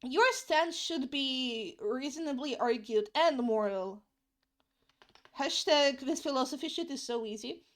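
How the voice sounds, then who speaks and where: A woman's voice: sits high, animated, unhurried, a bit bright. A young woman streaming as she draws, chatting in a rambling way. She repeats herself and swears casually, and English is not her first language. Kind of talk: casual chat while drawing.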